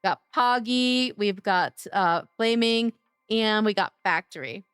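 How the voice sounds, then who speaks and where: A woman's voice: medium pitch, takes it slowly, a bit bright, smooth, dry recording, studio quality. Woman, live game streamer, casual chatty teasing, strained voice, faint music behind. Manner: chatty, teasing, answers chat by name. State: losing her voice.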